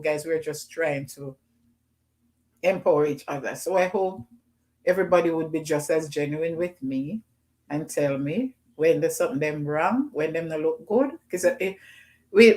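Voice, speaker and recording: A middle-aged woman with a Jamaican accent, hosting a casual livestream and shouting out names from the chat. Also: fairly low pitch. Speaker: livestream host. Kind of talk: casual live chat with viewers.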